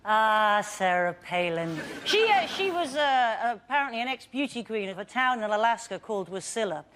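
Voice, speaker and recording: A woman's voice: on the high side, sing-song, moderate pace, a bit bright, slight background noise. A woman comedian doing a stand-up bit, with a hesitant delivery full of fillers. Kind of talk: stand-up routine.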